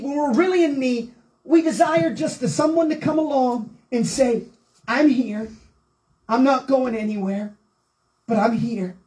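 A woman delivers a Pentecostal sermon in a high voice. She reads scripture aloud and preaches with fervent, rising emphasis. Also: a little mellow, poor audio.

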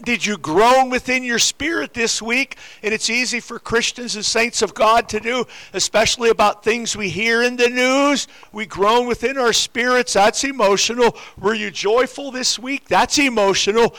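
A man's voice: extremely high pitch, fairly even intonation, normal speed, hardly any pauses, pushed and bright. An older man preaching a sermon to his congregation, repeating rhetorical questions. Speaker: pastor. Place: church.

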